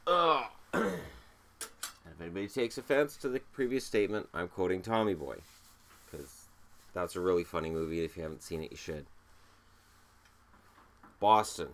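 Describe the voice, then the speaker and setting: A man with a cold, hosting a casual show-and-tell vlog, joking and mocking himself as he counts items aloud. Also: sits low. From Canada. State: has a cold. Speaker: hockey video host.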